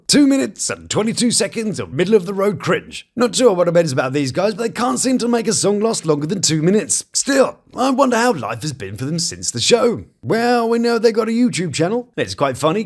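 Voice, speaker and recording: A man's voice: big pitch swings, moderate pace, few pauses, slightly rough. A man hosting a commentary channel, mocking reality TV stars in a dry, sarcastic way. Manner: mocking, dry asides with sudden pitch jumps.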